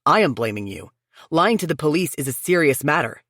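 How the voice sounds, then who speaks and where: A woman's voice: extremely low pitch, lively intonation, normal speed, dry recording, studio quality. A woman reading an audiobook and voicing a stern, suspicious male police detective with a blunt, accusing manner. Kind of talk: audiobook character voice.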